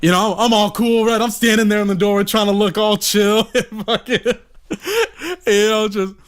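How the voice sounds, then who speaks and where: A man's voice: high voice, flat delivery, normal speed, clean tone. A man telling a rambling, profane story on a podcast in a casual way, full of "you know" fillers.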